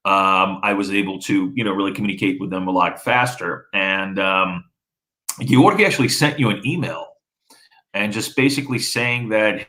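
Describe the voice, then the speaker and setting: A man from the former Soviet Union, Russian his first language, talks in a relaxed, rambling way. His voice sits on the low side. He stops and restarts often and fills gaps with "you know". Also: normal speed, poor audio. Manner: rambling, many fillers and restarts. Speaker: interviewee. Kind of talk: casual conversation.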